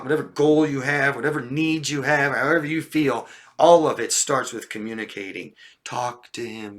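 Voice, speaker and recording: A man with a bright, forceful voice gives blunt advice on a livestream. He talks straight to his viewers, hammers home his points and keeps asking "okay?" to check they follow. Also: on the low side, gravelly. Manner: direct, repetitive, checks in with "okay?". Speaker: life coach. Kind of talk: livestream advice talk answering viewer questions.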